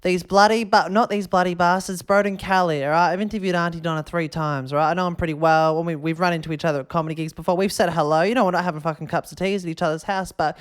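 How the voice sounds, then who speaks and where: A man with an Australian accent hosting a podcast in a casual, rambling, excitable way, often tagging his sentences with a question. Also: fairly high pitch, quick pace, hardly any pauses, smooth. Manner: rambling and excitable, keeps tagging "all right?". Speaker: podcast host.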